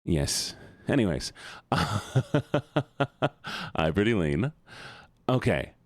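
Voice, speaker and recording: A man's voice: sits low, animated, drawn-out words, no echo, studio quality. A man streaming live and chatting casually with his viewers, rambling and joking at his own expense. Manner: rambling, self-mocking, chatty.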